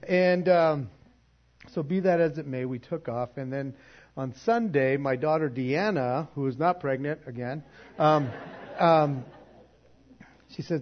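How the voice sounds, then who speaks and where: A middle-aged man preaches from the pulpit in a slightly high voice, acting out the lines of others as he tells his story. The church recording sounds dull and lo-fi. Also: a little slow. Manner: animated storytelling, acting out quotes. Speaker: pastor. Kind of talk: sermon.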